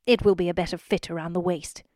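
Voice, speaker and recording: A woman's voice: on the low side, steady tone, quick pace, a little mellow, no echo, clean studio sound, natural voice. A woman reading a storybook and voicing a kind, flustered mother goat who is overwhelmed and desperate. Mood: harassed. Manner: desperate, wailing.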